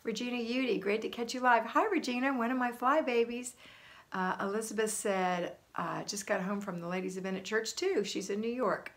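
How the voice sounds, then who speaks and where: A woman's voice: on the high side, moderate pace, fairly bright tone. A middle-aged woman hosting a homemaking livestream, chatting upbeat and greeting viewers by name as she reads their comments aloud. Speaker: homemaking channel host. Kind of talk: casual livestream chat reading viewer comments.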